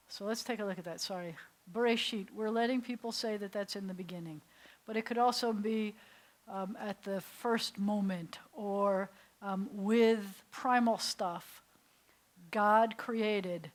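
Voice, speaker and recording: A woman's voice: mid-range voice, steady tone, a little slow. A woman rabbi teaching a beginners' class, who explains things playfully and leads the group in repeat-after-me drills. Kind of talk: classroom lesson. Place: synagogue classroom.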